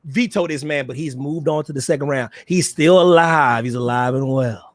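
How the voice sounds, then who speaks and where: High-voiced animated man, dry sound. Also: normal speed, no room sound. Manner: animated, joking, breaks into laughter. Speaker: co-host. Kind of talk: casual stream banter.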